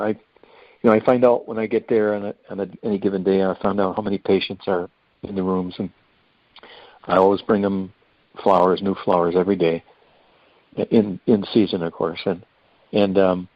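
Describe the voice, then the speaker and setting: A man's voice: low-pitched, flat delivery, normal speed, long pauses, no room sound. An older man, a guest in an interview, telling a rambling, folksy story. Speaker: hospice volunteer guest. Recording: dull lo-fi dry recording.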